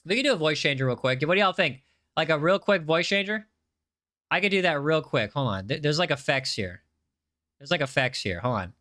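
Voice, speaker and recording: A man's voice: fairly high pitch, expressive, a little fast, pushed and bright. A man casually chatting on a game livestream, reading chat aloud and often repeating himself.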